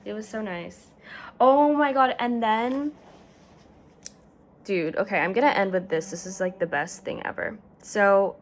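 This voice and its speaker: A young woman chatting casually to camera as a vlogger, excitable and gushing, full of "like". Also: medium pitch.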